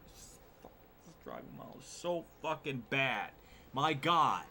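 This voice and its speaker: A man at home plays a racing game live and talks the whole way through it, cursing and venting at the game. His voice sits in an ordinary middle register. A steady wash of background noise runs under the recording. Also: mid-range voice, a little slow, vocal fry. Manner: exasperated, swearing outbursts at the game. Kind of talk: live gameplay commentary.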